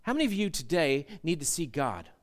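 Male pastor, sermon, animated, acts out quotes, high smooth voice. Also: brisk.

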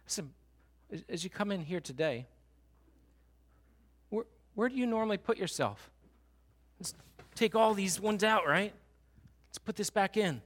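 A man preaching a sermon, moving from animated, loud passages to hushed, slow and intense appeals. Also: high-pitched. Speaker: pastor.

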